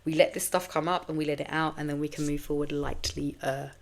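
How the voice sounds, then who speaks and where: Low-voiced woman rambling on her podcast, swears a lot, bit emotional. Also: little pitch movement, fast talker. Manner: candid, rambling, swears casually. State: a little emotional. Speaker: podcast host. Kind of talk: personal monologue podcast.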